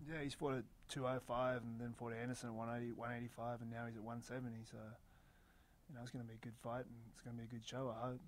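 A man's voice: mid-range voice, level tone, fast, a little hiss or hum. A man, a podcast guest in casual chat, modest and self-deprecating. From Australia.

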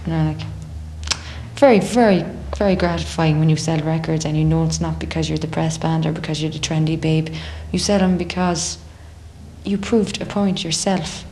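Young Irish woman singer, low-pitched, chatty and animated, casual interview. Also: normal speed, slight background noise. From Ireland. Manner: chatty, animated, acts out others' voices in quotes. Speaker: singer in a band.

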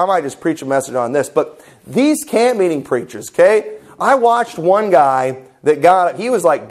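A man, preaching a sermon in a church, conversational with joking, mocking asides. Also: on the high side. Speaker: pastor. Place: church sanctuary.

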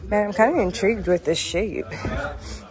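Music plays and a crowd murmurs behind this young travel vlogger, whose mid-range voice is expressive and normally paced. Chatting casually to camera, she gushes and fills her talk with "like".

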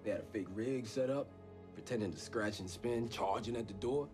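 A man's voice: on the low side, normal speed, natural voice. A man playing a slangy street narrator. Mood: scornful. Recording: series clip with music behind.

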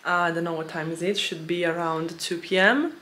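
A young woman who is not a native English speaker, chatting casually on her vlog, giggling often and filling pauses with ums and restarts. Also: fairly low pitch, steady tone, a bit bright. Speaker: language-learning vlogger.

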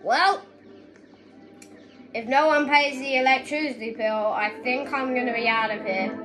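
A young woman giving excitable gaming commentary, often yelling at other players. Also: high-pitched, a little slow, poor audio. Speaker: gaming video creator. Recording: gameplay with music behind.

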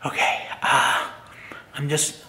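A man recording a confessional vlog in his garage, talking in a halting, upset way with many pauses. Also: roomy sound, very noisy. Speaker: vlogger.

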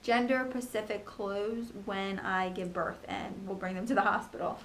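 A young woman in a casual home vlog, talking fast and chattily about her pregnancy, with lots of ums and likes. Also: medium pitch, a bit bright, a little hiss or hum. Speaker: pregnancy vlogger. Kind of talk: casual chat.

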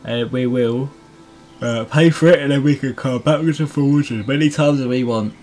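A man's voice: mid-range voice, normal speed, darkish tone, faint music behind. A man casually commentating a video game as host, cheeky and chatty. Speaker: gaming host. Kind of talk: let's play commentary.

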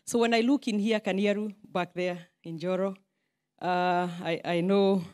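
With a steady, slightly mellow mid-range voice at a normal speed, a Kenyan woman in her forties speaks to a diaspora meeting as a politician. She keeps it informal and pokes fun at herself, adding asides in Swahili.

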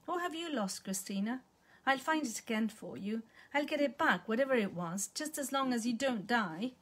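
A woman reading a sharp-tongued old woman. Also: a little high, animated, moderate pace, voice pushed up. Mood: pleading. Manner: scornful, lecturing. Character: elderly woman, bitter, sharp-tongued, scornful.

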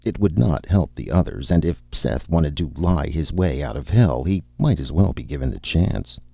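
Man, audiobook narration, husky gravelly voice, muffled lo-fi sound. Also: a bass voice, animated, no room sound. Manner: measured storytelling read. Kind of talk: scripted narration. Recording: dull, dry audiobook recording.

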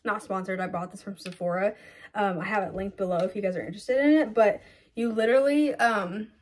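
A young woman with a mid-range voice vlogs casually, talking fast and chatting with lots of "like" and "um". She films on a phone camera in her car, and later on a tripod at home.

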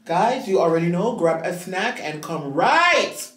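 A woman's voice: fairly low pitch, expressive, unhurried. A young woman co-hosting a mukbang in casual chat, talking playfully and drawing out her words. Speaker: mukbang co-host. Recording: roomy echo, faint noise.

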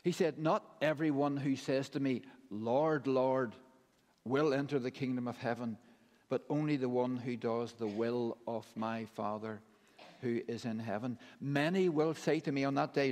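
A man preaching a sermon in a measured, emphatic way, with deliberate pauses between phrases. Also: medium pitch, a little mellow. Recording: long hall reverb.

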